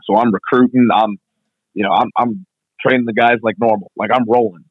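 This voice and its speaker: A man's voice: fairly low pitch, steady tone, husky, no room sound. Man telling stories over a tinny line. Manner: fast, filler-heavy, constant "like". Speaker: strength coach, guest. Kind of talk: casual interview storytelling. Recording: tinny phone-like line, dry.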